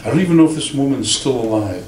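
A pastor preaches in a lively storytelling manner, acting out quotes as he goes. His voice sits at an ordinary pitch for a man and rings through a large church. It is picked up from a distance, with faint room noise behind him. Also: fast. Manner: animated storytelling with acted quotes. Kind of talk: sermon. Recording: roomy church sound from a distant mic.

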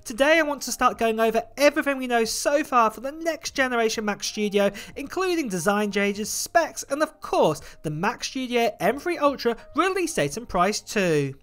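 A woman's voice: a little high, normal speed, few pauses. A woman hosting a tech channel, giving an upbeat scripted roundup of product rumors and release dates. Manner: lively, upbeat presenting with frequent "of course" and "guys".

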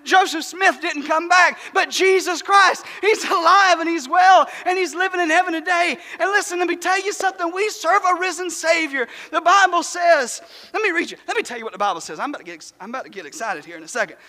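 Fervent male preacher, very high bright voice, shouting in a reverberant church hall. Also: fairly quick. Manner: fervent, emphatic, repeats phrases. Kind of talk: shouted revival sermon. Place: church sanctuary.

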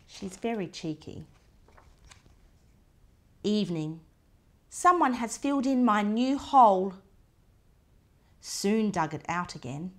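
A woman reads a children's picture book aloud, taking her time over each short entry. Her voice rises and falls with plenty of movement, and she breaks off now and then to point things out softly to the listening child. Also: medium pitch, sing-song. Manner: slow, clipped diary entries with soft asides to the child.

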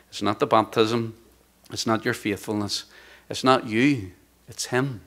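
Bright-voiced man preaching with animated swings. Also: mid-range voice. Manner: animated preaching, rising loud for scripture and dropping to hushed tones. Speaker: pastor. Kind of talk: sermon. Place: church sanctuary.

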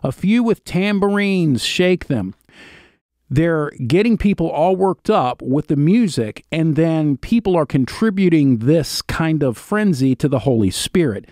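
A man's voice: a little high, a little slow, no echo, clean studio sound. A man narrating a video, reading an old written account aloud and stopping now and then for casual asides. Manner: steady reading, broken by casual spoken asides.

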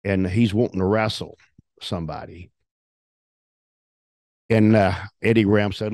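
An older man tells rough, profanity-laced stories, slipping into the voices of the people he quotes. His voice sits on the low side and the recording is dry and close, with no room sound. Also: measured pace, pauses often, no echo. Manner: profane, animated storyteller acting out quotes. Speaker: interview guest, retired wrestler. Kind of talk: storytelling in a shoot interview.

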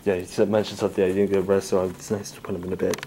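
Man doing a quiet, low, easygoing sidekick, laid-back, faint noise. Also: little pitch movement, very fast, lightly acted. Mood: relieved.

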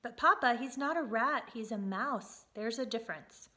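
A woman's voice: a little high, normal speed, pushed and bright. A woman reading a storybook aloud, voicing a tender-hearted young princess who speaks in an earnest, pleading way.

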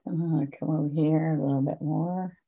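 A woman teaching a painting lesson, giving gentle, chatty step-by-step guidance as she works. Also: low voice, steady tone, moderate pace, vocal fry, breathy edge, phone-quality sound. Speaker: painting instructor. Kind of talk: relaxed painting demonstration.

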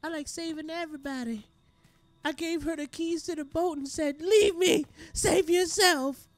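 A man voicing a panicky young man who begs and boasts in a high, whiny voice. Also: normal speed, dry recording. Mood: pleading. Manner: begging, boastful, comic.

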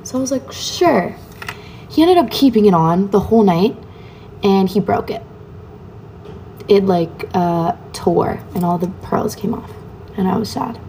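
Young woman livestreamer, mellow voice, casual comment-reading chat, faint hiss on a phone mic. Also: mid-range voice, lively intonation, moderate pace. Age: young adult. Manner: chatty, reads comments aloud and answers them offhandedly.

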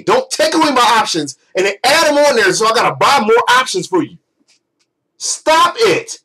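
A young man, high-voiced, rants in exasperation, swearing constantly. His delivery is sarcastic and heated, like a gaming vlogger venting at his audience. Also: a bit bright, rough recording. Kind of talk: angry rant.

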